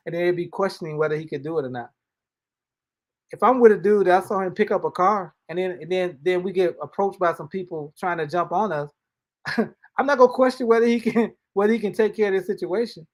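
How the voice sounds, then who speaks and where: A man delivers a relaxed devotional talk in plain, everyday speech. His voice sits a little higher than most men's. He circles back and restarts phrases as he goes. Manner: colloquial, folksy, repeats and restarts words. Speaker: host and motivational speaker. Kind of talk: casual spoken devotional.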